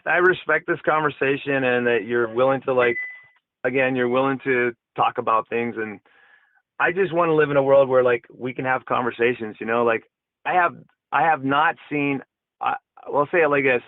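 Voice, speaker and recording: A man's voice: mid-range voice, normal speed, slight background noise. A man calling into an online debate, hesitant and rambling, full of fillers. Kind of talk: casual debate. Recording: tinny dry call line.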